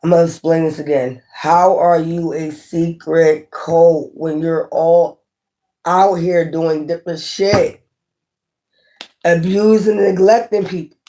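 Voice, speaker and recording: A woman's voice: on the low side, fairly even intonation, slow, dark tone. A woman giving a casual tarot reading to camera, blunt and profane, talking with passion, repeating points and asking her viewers questions. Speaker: tarot reader.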